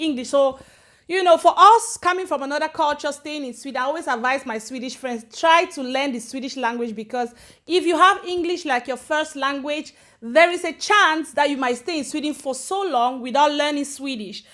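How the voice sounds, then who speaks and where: Chatty high-voiced woman on a live stream. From Cameroon. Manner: chatty and warm, switching between English and Swedish, greeting commenters by name. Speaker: channel host on a live stream. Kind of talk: casual live-stream chat greeting viewers.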